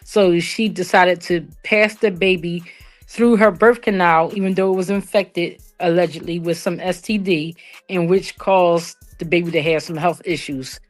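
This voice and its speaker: A woman's voice: lowish voice, steady tone, moderate pace, soft background music. A woman hosting a live commentary stream, talking casually and directly to her viewers. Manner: chatty, addresses viewers directly.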